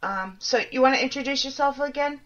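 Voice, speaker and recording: A woman's voice: sits high, quick pace, a bit bright. A woman podcast host with a New Hampshire accent, chatting casually and joking at her own expense. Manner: joking, self-mocking, casually swears. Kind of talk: casual chat. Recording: dull lo-fi audio.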